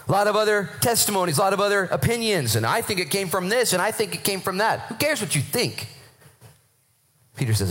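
Fired-up animated male preacher. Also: high-pitched, brisk, rough recording. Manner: excited, animated storytelling with acted-out voices. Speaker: pastor. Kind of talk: sermon.

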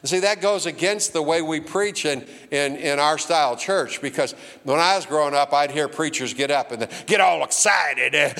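A man's voice: on the high side, expressive, moderate pace, fairly bright tone. An older man preaching a sermon with folksy, humorous storytelling and acted-out voices in a church auditorium. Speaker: pastor. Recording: reverberant hall.

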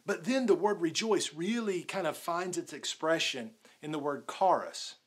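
A man's voice: on the high side, expressive, moderate pace, slightly rough. A man preaching a sermon in a casual, conversational way, often saying "like". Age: adult, married with a daughter. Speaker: pastor.

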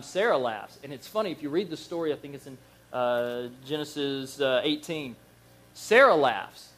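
A man preaching a Bible lesson, telling the stories in a lively, animated way and acting out the figures he quotes. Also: on the high side. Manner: animated storyteller, acts out quoted voices, chuckles. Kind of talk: Bible teaching sermon.

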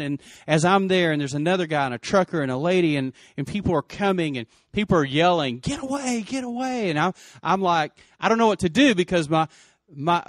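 A man's voice: a little high, no room sound. Middle-aged man, earnest personal storyteller, swings from urgent bursts to near-whispers, close and dry sound. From West Texas. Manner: earnest, emotional, quick surges and hushed drops.

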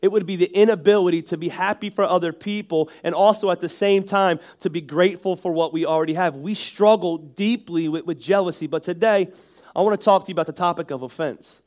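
A man's voice: high-pitched, brisk, darkish tone. A man with a nasal voice and a Northeastern American accent, preaching a sermon in a casual, joking way. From Northeastern United States. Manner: conversational and joking, with frequent restarts and asides. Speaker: pastor.

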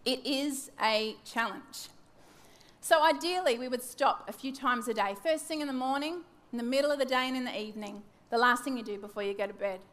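A woman's voice: a little high, fairly quick, fairly bright tone. A woman in her thirties giving a devotional teaching talk, candid and self-mocking, acting out her own wandering thoughts. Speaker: church teacher.

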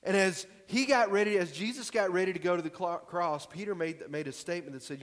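Male pastor, high-ish voice, easy conversational sermon, long church reverb. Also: brisk, hardly any pauses. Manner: conversational, emphatic preaching. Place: church hall.

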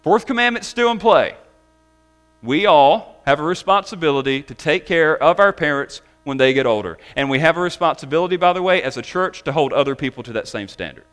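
A man preaches from the pulpit in a high, ringing voice. He drives his points home, stretching out the words he wants to land. The delivery is bright and forceful. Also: lively intonation, clear, resonant tone, faint music behind. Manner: emphatic preaching, slowing down to stress key words. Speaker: pastor. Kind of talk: sermon.

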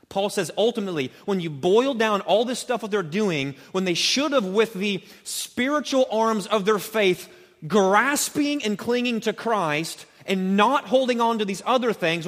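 Male preacher, high voice, animated sermon delivery, long hall reverb. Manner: animated, dips low and quiet for emphasis. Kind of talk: expository sermon.

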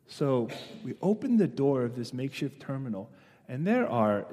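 A man delivers a sermon in a large church hall. His voice sits high for a man, and the long reverb of the room trails after each phrase. He tells stories animatedly, acts out the quotes and builds to loud, emphatic preaching. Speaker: pastor.

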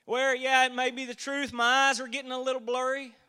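Preacher, man, 40s: high, bright, ringing voice; homespun stories building to fervent emphasis. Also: monotone, fairly quick, smooth. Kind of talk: sermon.

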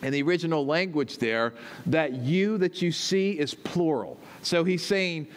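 A pastor with a high-pitched voice delivers a teaching sermon. He explains each point step by step and keeps checking that his listeners are following. He sounds like a preacher leading his own congregation through a passage. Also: measured pace.

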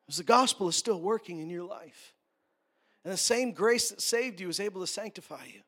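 A man with a notably high voice preaches a sermon. He keeps it conversational, dropping jokes and quick asides as he teaches from the pulpit. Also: animated, a bit bright. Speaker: pastor.

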